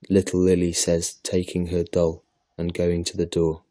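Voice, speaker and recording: A man reading a children's story aloud slowly and carefully for an English lesson. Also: sits low, no echo, studio quality. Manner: slow, careful, even reading.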